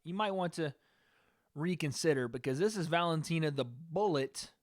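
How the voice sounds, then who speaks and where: A man hosting a live stream, giving relaxed, rambling reaction commentary and talking to his chat. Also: on the high side, normal speed, no echo, studio quality.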